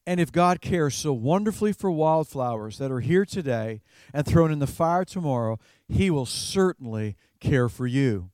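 A man's voice: medium pitch, animated, normal speed, a little mellow, no echo, studio quality. A man preaching a sermon as a pastor in a conversational way, chuckling now and then and repeating words as he goes.

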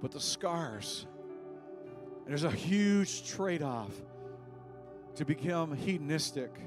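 A male pastor preaches to his church, his voice sitting a touch high. He swings from quiet, intimate passages to raised, fervent appeals. Faint music plays beneath him. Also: expressive, slow pace. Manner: impassioned, swings from hushed to raised. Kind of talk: sermon. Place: church service.

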